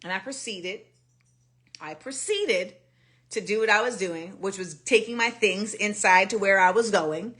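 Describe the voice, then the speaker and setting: A woman hosting a casual livestream chat, telling stories in an animated way and acting out the exchanges with blunt profanity. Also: fairly high pitch. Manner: animated storytelling, acts out quoted exchanges with profanity. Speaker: livestream host. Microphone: phone livestream.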